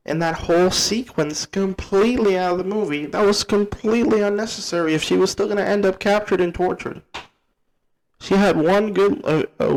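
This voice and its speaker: A young man talks through a movie review in a loose, unscripted way, pitched a little higher than most men. He is blunt and excitable, stacks up repeated words when he gets worked up, and swears without a second thought. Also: low-quality recording. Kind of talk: casual spoken movie review.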